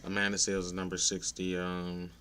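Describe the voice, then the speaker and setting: A man's voice: low voice, monotone, a little fast, bright, forceful tone, clean tone. A young adult man ranting casually to his viewers, blunt and profane, getting exasperated at times. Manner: laid-back, blunt, profane, rises to exasperation. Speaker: content creator ranting to viewers. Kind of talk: casual opinion rant.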